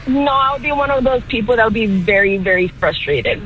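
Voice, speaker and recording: A woman's voice: a little high, expressive, a little fast, fairly bright tone, dull audio. Firm woman calling in to a radio show. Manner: firm, matter-of-fact. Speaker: caller, teacher. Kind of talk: phone-in story.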